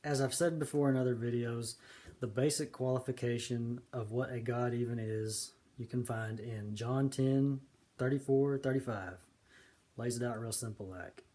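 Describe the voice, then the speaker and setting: A man giving casual, earnest commentary on scripture, stressing key words slowly. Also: mid-range voice, steady tone, warm tone. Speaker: video preacher.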